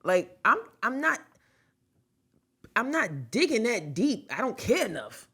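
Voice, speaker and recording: A man's voice: extremely high pitch, very animated, unhurried, sharp tone, slightly rough. A man co-hosting a casual podcast, laid-back and questioning. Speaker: podcast co-host.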